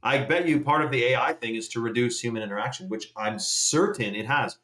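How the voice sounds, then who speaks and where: A man's voice: mid-range voice, brisk, a bit bright. A man hosting a live stream, ranting casually in a rambling, profane way. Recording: roomy echoey room.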